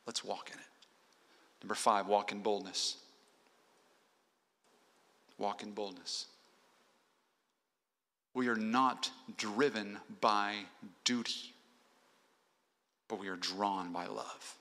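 A man's voice: on the low side, steady tone, takes it slowly, long pauses, bright, forceful tone. A male pastor preaching an earnest sermon in a church, exhorting the congregation point by point. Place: church sanctuary. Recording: long hall reverb.

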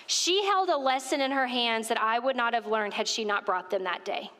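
High-voiced woman preaching in a hall. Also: normal speed. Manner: animated, conversational, addresses listeners directly. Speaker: women's ministry speaker. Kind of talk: storytelling sermon. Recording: reverberant hall.

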